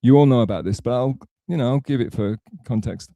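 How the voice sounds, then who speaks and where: English guy rambling on his stream, self-mocking and sarcastic, dark mellow voice, dry close mic. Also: medium pitch, fairly quick, no room sound, dull audio. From England. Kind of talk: rambling livestream monologue.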